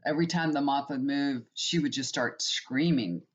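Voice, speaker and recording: A woman's voice: extremely low pitch, normal speed. Chatty woman telling stories to viewers. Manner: chatty, laughs often, animated retelling. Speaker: tarot reader and healer. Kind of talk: casual storytelling chat to viewers. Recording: slightly dull lo-fi sound.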